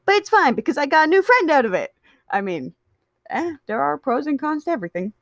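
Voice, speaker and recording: A woman's voice: very animated, a little fast, gravelly, no room sound, studio quality, exaggerated voice. A woman doing a bubbly, chirpy young sweetheart. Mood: cheerful. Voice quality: high and chirpy. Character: bubbly affectionate young person. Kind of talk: reading fan fiction aloud.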